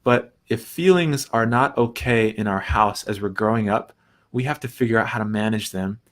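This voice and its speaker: A young adult man hosting a recovery talk, explaining ideas earnestly in a casual teaching way, often restarting and softly acting out quoted thoughts. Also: lowish voice, normal speed. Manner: earnest, thinks aloud with restarts and soft quoted asides. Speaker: recovery podcast host.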